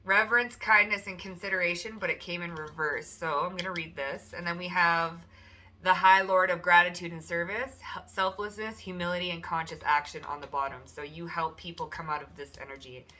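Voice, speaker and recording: A woman giving a chatty, loose pick-a-card tarot reading at home, often slipping into high, animated voices for the people she describes. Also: fairly quick.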